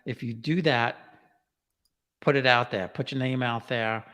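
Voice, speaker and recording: A man as a podcast guest in casual chat, relaxed and easygoing, with many pauses and fillers. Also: medium pitch, big-room sound.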